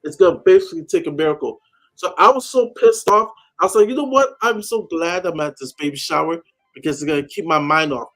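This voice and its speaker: This American caller speaks quickly, with a voice on the high side and a slightly bright tone. He's chatting casually on a call-in show, animatedly recounting a story and performing the voices of those he quotes.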